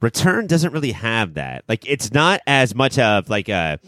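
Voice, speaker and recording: A man hosting a casual movie podcast, talking in quick bursts with lots of fillers. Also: medium pitch, no echo, clean studio sound. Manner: animated, talks in quick bursts with many fillers. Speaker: podcast host.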